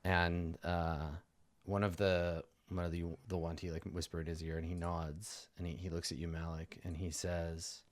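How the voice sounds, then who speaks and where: A man's voice: low voice, fairly even intonation, moderate pace, dry recording. A man narrating as game master of a tabletop game in a loose, rambling way, full of fillers.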